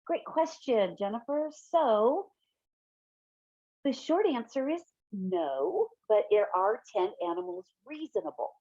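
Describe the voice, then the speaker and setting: A middle-aged woman giving an online fair housing training from her home office, chatty and quick to laugh, often correcting herself mid-sentence. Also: a little high, very animated, warm tone, dry recording. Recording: dull, lo-fi webinar audio.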